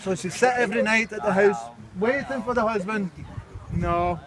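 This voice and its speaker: A man's voice: sits high, normal speed, fairly bright tone. A man telling a folk tale to a group in a casual, joking way, checking in with listeners often. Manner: joking, playful, checks in with the audience. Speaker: storyteller at a team event. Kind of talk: casual storytelling. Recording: crowd chatter outdoors.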